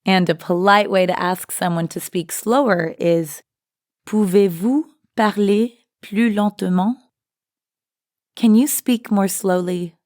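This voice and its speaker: A woman with a fairly low voice co-hosts a scripted language lesson, walking through each phrase in a friendly, explanatory way. The sound is dry and close to the mic. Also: unhurried, hardly any pauses, no room sound. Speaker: language teacher and co-host.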